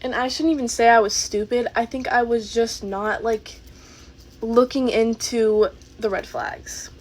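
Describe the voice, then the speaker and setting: A woman in her twenties chats through a get-ready-with-me storytime, leaning on fillers. Her voice sits a little high. Faint room noise hums behind her. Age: 20s. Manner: chatty, filler-heavy. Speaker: YouTuber.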